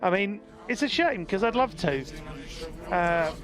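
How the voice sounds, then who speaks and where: Chatty high-voiced male streamer. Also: lively intonation, unhurried, a bit bright, soft background music. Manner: chatty, answers viewers while playing. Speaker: game streamer. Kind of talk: live gameplay commentary.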